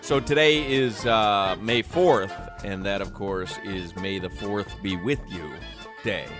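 A man's voice: lowish voice, slow pace, over music. A man co-hosting sports radio, bantering playfully and laughing at his own jokes. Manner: joking, playful, laughs often. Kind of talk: casual studio banter.

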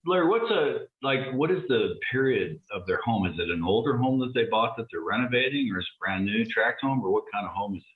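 A man's voice: medium pitch, animated, a little fast, hardly any pauses. A man hosting a radio talk show, chatty and upbeat with lots of fillers. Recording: distant, echoey, phone-like sound.

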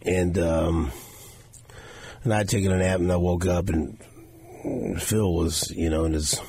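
A man hosting a sports radio show, telling stories in a casual, animated way and acting out the quotes. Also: deep voice, a little slow, husky. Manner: animated storytelling, acts out quotes. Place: radio studio.

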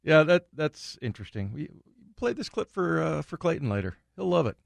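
A man's voice: fairly high pitch, very animated, moderate pace, vocal fry, dry recording. Wry male radio co-host, dry studio sound. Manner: wry, teasing. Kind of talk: casual sports talk. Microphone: studio microphone.

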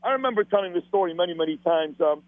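A middle-aged radio host from Brooklyn, New York, with a matching accent, tells blunt, profane, emphatic stories in casual conversation as a podcast guest. His voice is high, expressive, and fast, and the audio is dry, tinny phone-line sound with no room noise.

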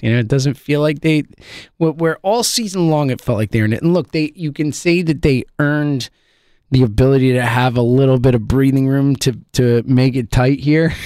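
Exasperated, gravelly-voiced ranting sports fan. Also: male voice, medium pitch, a little mellow, dry recording, clean studio sound. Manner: exasperated, rambling, laughing in frustration.

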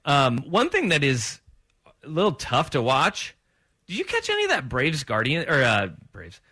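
A man hosting a sports talk radio show, chatting in an animated way and acting out his own reactions. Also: fairly high pitch, moderate pace.

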